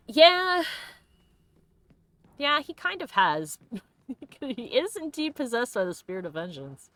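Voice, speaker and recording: A woman's voice: on the low side, sing-song, unhurried, long pauses, fairly bright tone. A woman hosting a let's play, chatting casually and playfully about the game, often giggling and reading chat aloud. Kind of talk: casual gameplay commentary.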